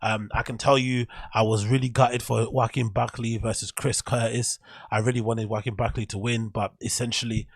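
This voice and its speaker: A young English man hosts his own show, ranting with plenty of swearing and frustration. His voice is gravelly and a little husky. The sound is dry and close. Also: mid-range voice, little pitch movement, normal speed, no room sound. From England. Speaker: show host. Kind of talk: casual solo commentary.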